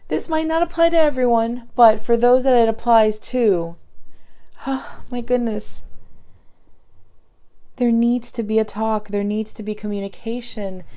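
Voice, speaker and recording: Young woman, tarot reader, slow and emotional, lots of thinking aloud. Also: on the high side, warm tone. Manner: emotional, thinking aloud with many pauses and fillers. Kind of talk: pick-a-card tarot reading.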